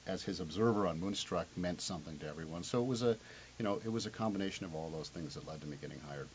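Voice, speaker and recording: A man's voice: deep voice, fast. A middle-aged man, a television director, speaking in a casual interview in an earnest, reflective way, often restarting and repeating words. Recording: dull lo-fi sound with faint hiss.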